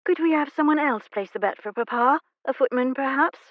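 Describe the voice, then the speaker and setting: A woman voicing a crisp, defiant Regency heroine. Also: high-pitched, brisk, dry recording, phone-quality sound, pitched above the performer's own voice, close to an everyday voice. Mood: composed. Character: spirited young woman of the Regency era, sharp-tongued.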